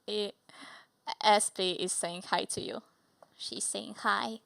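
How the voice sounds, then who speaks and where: A woman's voice: medium pitch, gravelly, a bit bright, no room sound. A young woman, a native Polish speaker with a Polish accent, chatting casually on a livestream, giggly and bubbly with playful swearing. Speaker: streamer.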